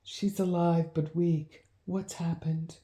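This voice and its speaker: A capable older woman healer, brisk and practical, speaking quietly, as a narrator puts her on. The tone is low and dark, carried in a roomy, echoing space. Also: level tone. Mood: concerned. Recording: roomy echo.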